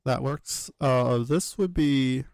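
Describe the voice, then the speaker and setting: Slow, gravelly man thinking aloud. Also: medium pitch, darkish tone, no echo. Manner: hesitant, many fillers and self-corrections. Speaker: channel host working through a reconstruction. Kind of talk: thinking aloud while working.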